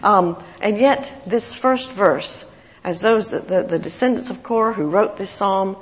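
A woman's voice: mid-range voice, unhurried. A woman giving an informal sermon, reading scripture expressively and chatting with the congregation. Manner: expressive, reads scripture with rising emotion. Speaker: lay preacher. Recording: muffled, echoey hall.

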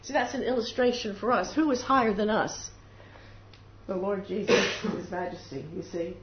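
A woman's voice: medium pitch, moderate pace. A woman delivers a devotional sermon in an earnest, heartfelt way, now and then slipping into little voices for the people she describes. Her voice sits in a middle register, and it comes through a dull, lo-fi recording with a faint hiss underneath. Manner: earnest, acts out little voices of doubters and prayers. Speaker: preacher.

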